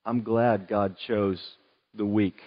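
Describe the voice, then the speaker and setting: A man with a Western Pennsylvanian accent preaching a sermon as a pastor, conversational and slowing on key words. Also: lowish voice, little pitch movement. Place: church. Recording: dull, long church reverb.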